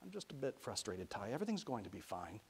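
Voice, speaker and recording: A man voicing a gentle, patient grown man who reassures a small boy. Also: medium pitch, expressive, normal speed, close to an everyday voice. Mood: reassuring. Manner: soft, reassuring, sometimes whispering.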